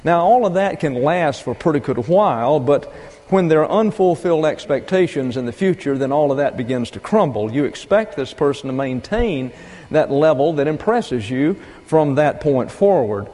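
An older man preaching a sermon, teaching deliberately and with emphasis, pausing for asides. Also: fairly high pitch, lively intonation, dark tone. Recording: long reverb of a large hall.

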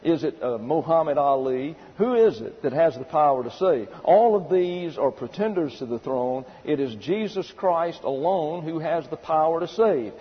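Animated and moving at a moderate pace with few pauses, a male preacher with a slightly high, breathy voice gives a sermon of methodical Bible teaching. He lays out numbered subpoints and asks emphatic rhetorical questions, all recorded muffled with long hall reverb.

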